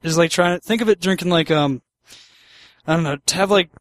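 A man with a fairly high voice hosts a podcast in a dry, close sound. He rambles in crude banter and laughs a lot. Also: fairly quick, no room sound. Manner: profane, rambling, laughs often. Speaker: podcast host.

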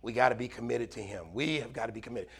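A middle-aged man preaching a sermon as pastor, animated, swinging between loud highs and quiet low murmurs. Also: quick pace, creaky, breathy edge.

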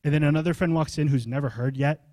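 High-voiced pastor preaching conversationally. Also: male voice, fast, dry recording, studio quality. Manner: conversational, animated, asks the congregation questions. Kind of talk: sermon.

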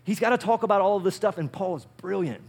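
Guy pastor preaching, kinda high voice, animated, keeps throwing questions at the crowd. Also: fast, vocal fry, breathy edge. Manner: animated, asks the audience questions. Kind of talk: sermon.

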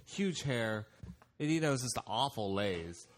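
A man's voice: medium pitch, sing-song, measured pace. A man co-hosting a podcast, chatting casually with crude jokes and banter. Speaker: podcast co-host. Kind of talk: casual chat.

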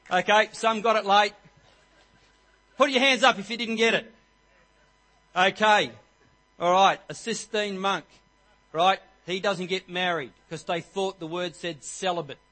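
A man in his forties giving a jokey, energetic church talk on marriage and rallying the congregation. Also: sits high, a little slow, rough recording. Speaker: guest speaker at church.

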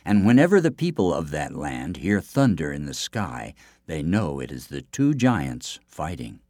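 A man narrating a children's folk tale in an expressive storybook style. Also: extremely low pitch, unhurried, dry recording, studio quality. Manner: expressive, lively reading aloud.

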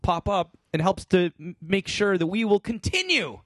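A man's voice: high voice, very animated, moderate pace, dry recording, clean studio sound. A man co-hosting a podcast in a casual chat, loose and wry. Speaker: podcast co-host.

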